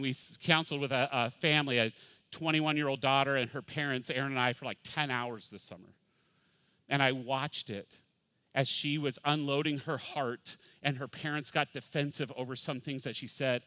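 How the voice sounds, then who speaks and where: Animated, bright-voiced preaching man. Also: mid-range voice, a little hiss or hum. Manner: animated, acts out voices, swings from loud to hushed. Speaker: pastor. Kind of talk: sermon.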